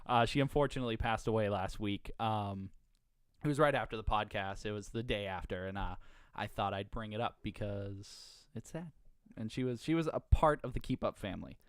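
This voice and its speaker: A man's voice: on the low side, brisk, clear, resonant tone, no echo, studio quality. A man co-hosting a casual podcast, rambling with fillers and frequent laughs. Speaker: podcast co-host. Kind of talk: casual chat.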